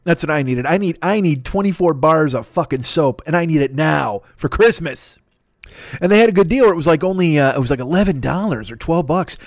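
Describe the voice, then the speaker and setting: A man's voice: a little high, lively intonation, fairly quick, no room sound, clean studio sound. A man in his forties hosting a podcast with a profane, self-mocking, digressive comedic monologue. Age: 40s. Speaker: podcast host.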